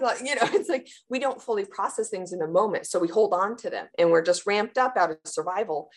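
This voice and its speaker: A woman who works as a trauma therapist for athletes, answering interview questions in an animated way and acting out panicked inner voices with gasps. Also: mid-range voice, fairly quick, hardly any pauses.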